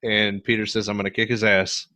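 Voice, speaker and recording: A middle-aged man co-hosting a podcast, casually and profanely retelling movie scenes with lively voices. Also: fairly low pitch, a little fast. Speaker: podcast co-host. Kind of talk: casual movie review chat.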